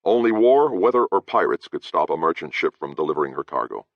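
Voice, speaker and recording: A man voicing a gruff, blunt male sea captain who barks orders, in a dry, slightly dull recording. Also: low-pitched, sing-song, a little fast, no echo, full character voice. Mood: commanding. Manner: barking orders, short-tempered.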